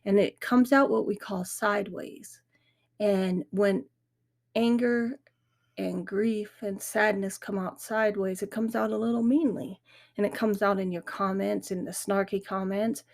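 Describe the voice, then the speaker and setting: A woman's voice: medium pitch, steady tone, unhurried, creaky, darkish tone. A middle-aged woman hosting a grief podcast, talking candidly and earnestly in a reflective monologue. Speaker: podcast host. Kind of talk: casual monologue.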